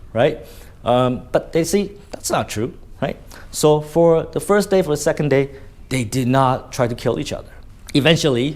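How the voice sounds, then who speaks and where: A man's voice: medium pitch, darkish tone. A man telling a story in casual vlog commentary, blunt and full of swearing, often adding "right?" to his sentences. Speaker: vlogger.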